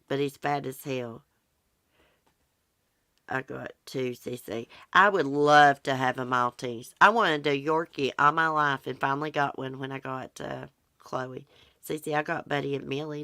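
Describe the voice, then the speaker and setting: A folksy, rambling woman with an American country accent chats casually to her livestream viewers. Her voice is bright and forceful, smooth and crisp. It sounds dry and close, with no room around it. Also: extremely low pitch, dry recording. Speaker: livestream host. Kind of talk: casual livestream chat answering viewer comments.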